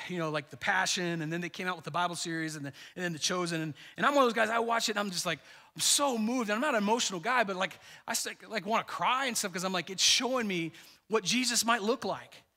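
A high-pitched, bright-voiced man gives a sermon from the pulpit in a lively, chatty way, stumbling and restarting as he goes. His voice rings out with a long reverb, as in a church sanctuary. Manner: animated, conversational preaching with many fillers and restarts. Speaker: pastor.

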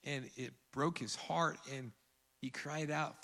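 A man preaching a sermon as pastor, earnest, rising to emphatic peaks and dropping to hushed lines. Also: on the high side, fairly even intonation, takes it slowly, gravelly, in a large hall. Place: church sanctuary.

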